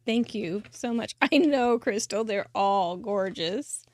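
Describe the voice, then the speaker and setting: A middle-aged woman hosting a craft show, chatting warmly and gushing as she shows cards that viewers sent her. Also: mid-range voice, slow, no echo. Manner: chatty, gushing, laughs often. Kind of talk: casual chat showing mailed cards.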